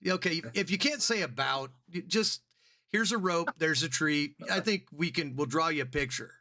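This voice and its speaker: A man co-hosting a podcast, chatting casually and rambling with mocking voices. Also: moderate pace. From United States. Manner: animated, rambling, puts on mocking squeaky voices. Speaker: podcast co-host. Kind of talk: casual comedic podcast chat.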